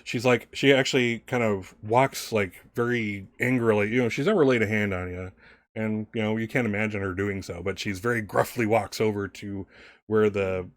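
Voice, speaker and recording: A man's voice: fairly low pitch, normal speed, dry recording, clean studio sound. Chatty man running a tabletop game. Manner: chatty, laughs often, restarts. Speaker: game master.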